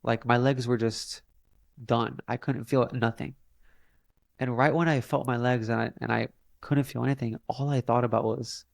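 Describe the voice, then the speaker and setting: A man's voice: mid-range voice, fairly even intonation, moderate pace, vocal fry, dry recording, clean studio sound. A young man telling a personal story in a casual, earnest way, often saying "like" as a filler. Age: young adult. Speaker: podcast guest.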